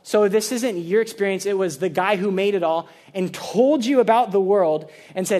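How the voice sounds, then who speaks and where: High-voiced man preaching casually. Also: moderate pace, hardly any pauses, dark tone. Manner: chatty, loose, with many "like" fillers and restarts; explains ideas to a student audience. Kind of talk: casual sermon.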